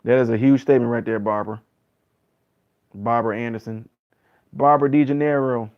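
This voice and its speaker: A man's voice: fairly even intonation, fairly quick, lo-fi sound. A man in his late thirties talking casually on a live stream, reading out viewer comments and earnestly repeating his points. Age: 30s. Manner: earnest, repetitive, acts out other people's replies in a higher voice.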